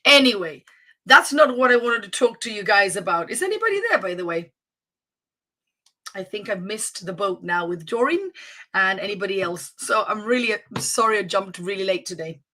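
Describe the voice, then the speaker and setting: A woman hosting a live stream as a fitness coach, giving an energetic, motivational pep talk with frequent restarts. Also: medium pitch, normal speed.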